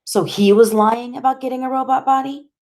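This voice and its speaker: A woman's voice: sits low, normal speed, natural voice. A woman voicing a distraught, big teenage boy in an audiobook, raw and pleading in tone. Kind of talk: audiobook character dialogue.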